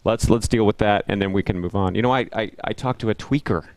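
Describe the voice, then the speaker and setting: A man's voice: fairly low pitch, fast, a little mellow, no room sound. A man co-hosting a casual talk show who asks questions and often restarts his sentences. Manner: hesitant, repeats words as he works out his thoughts. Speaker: co-host of a street evangelism web show. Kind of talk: casual chat, asking questions.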